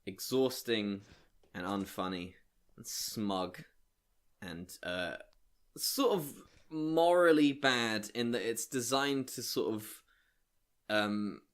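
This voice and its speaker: A man co-hosting a comedy review podcast, talking hesitantly and deadpan in casual chat. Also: fairly low pitch, slow pace, clear, resonant tone. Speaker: podcast co-host.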